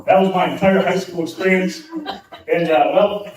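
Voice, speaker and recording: A man's voice: sits high, steady tone, moderate pace, reverberant, a little hiss or hum. A man doing a stand-up set, telling crude stories in a loose, rambling way, heard through a venue PA from far off with a crowd. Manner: loose storytelling with crude jokes. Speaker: stand-up comic. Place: small comedy venue stage. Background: audience crowd.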